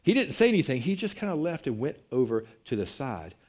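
A man preaching a sermon, telling a story with big swings in pitch and loudness. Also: big pitch swings, brisk.

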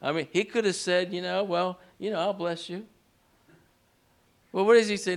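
A man preaching a sermon in a church, leading the congregation in call-and-response and pushing his pitch up sharply on key words. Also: normal speed. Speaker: pastor.

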